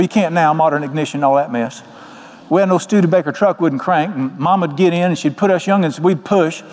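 A man's voice: high-pitched, a little mellow. An older man preaching a sermon as pastor, folksy and joking. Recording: long hall reverb.

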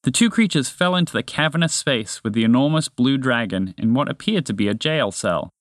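A man reading a children's story aloud in a lively, expressive way. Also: medium pitch, a little fast, no echo, studio quality.

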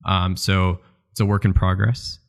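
A man with an American accent, a podcast guest, talking in a hesitant casual way with many pauses. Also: low-pitched, little pitch movement, gravelly. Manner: hesitant, many "um" and "uh", laughs easily. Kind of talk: casual interview chat.

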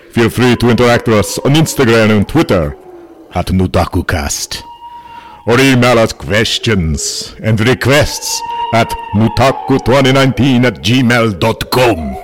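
A man putting on the voice of a theatrical vampire count to open a podcast. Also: slight background noise. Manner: hammy, booming spooky welcome. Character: theatrical male vampire count, spooky host.

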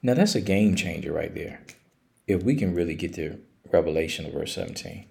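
A man's voice: deep voice, expressive, gravelly, dark tone. A man reading scripture aloud and explaining it in a Bible study discussion. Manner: reads scripture slowly, then explains.

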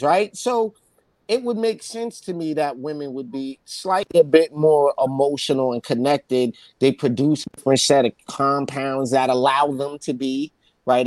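A man's voice: medium pitch, dry recording. A man hosting a casual podcast chat, often tagging his points with "right?" and restarting sentences. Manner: peppers talk with "right?" tags, restarts. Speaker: podcast host.

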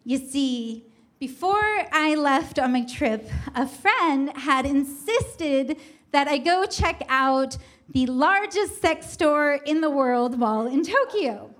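Woman, high-pitched, slow-paced, comic first-person storytelling, wry, self-mocking. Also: animated, a bit bright.

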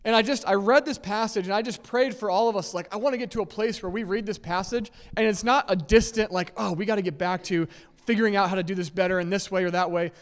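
A man's voice: high-pitched, steady tone, fast, in a large hall. A man preaching a sermon in a conversational way, checking in with listeners often and laughing lightly between points. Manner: conversational, many "okay?" and "right?" checks. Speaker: pastor. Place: church sanctuary with long reverb.

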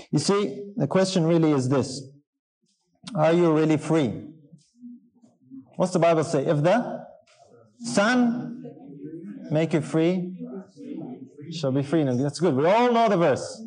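A man's voice: on the high side, dark tone, rough recording. Earnest man preaching a sermon. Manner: earnest, emphatic, asks the congregation questions.

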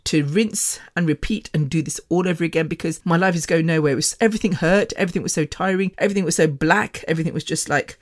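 A woman's voice: on the low side, fast talker, few pauses. Blunt, swearing woman podcaster. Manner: blunt, swearing, animated, over the top. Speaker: podcast host. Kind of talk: candid solo podcast monologue.

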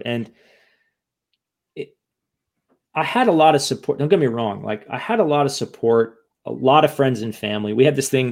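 A man from the United States speaks as a guest in a candid interview, his voice gravelly with a touch of fry. He sounds frank and emotional. He drops the odd curse word and often starts a sentence over. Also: medium pitch. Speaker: podcast guest and author.

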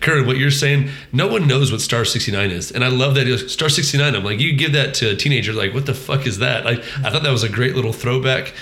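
A man's voice: mid-range voice, fast talker, few pauses, sharp tone, echoey room. A man co-hosting a casual movie review podcast, rambling with frequent ums, restarts and swearing. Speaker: podcast co-host.

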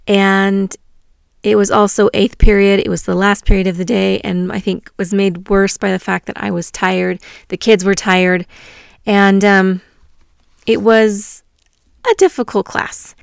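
A woman, a teacher, telling a personal story from her classroom in a reflective, earnest way, pausing often. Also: medium pitch, vocal fry, smooth, no echo, studio quality. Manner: reflective, earnest, with pauses and fillers.

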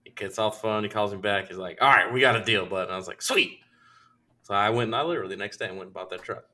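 A man telling a story in casual chat with friends, animated and quoting others as he goes. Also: fairly low pitch, racing. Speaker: podcast co-host telling a story.

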